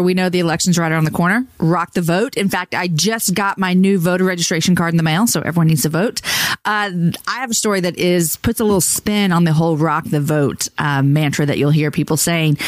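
A woman, chatting as a podcast co-host, animated and self-deprecating. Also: on the low side, a little fast, no echo. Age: 40s. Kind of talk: casual chat.

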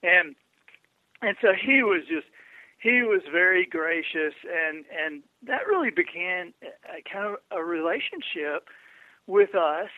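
A man's voice: sits high, lively intonation, unhurried, no echo. A man guest on an interview, telling anecdotes animatedly with frequent stammering restarts. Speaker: guest, public speaker. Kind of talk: storytelling interview. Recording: tinny phone-like line.

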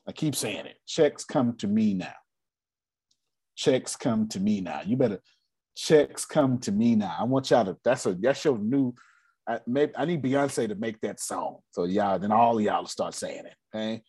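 A man coaching a live audience on business cash flow, animated and repetitive. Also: on the low side, measured pace, slightly rough, dry recording. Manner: animated, repetitive, drops into playful put-on voices. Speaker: finance coach. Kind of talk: live online business teaching.

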